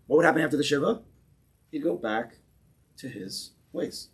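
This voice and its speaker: A man with an American accent, a rabbi leading an interactive Torah class for a small group, animated and full of questions. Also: fairly high pitch, husky. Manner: animated, questioning, keeps pausing listeners. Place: synagogue room with a small group.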